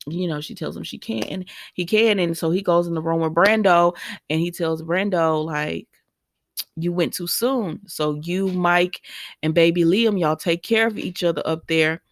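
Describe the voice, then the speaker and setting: A woman's voice: on the low side, measured pace. A woman recapping a soap opera in a chatty, emotional way and talking straight to her viewers. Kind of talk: casual spoken recap.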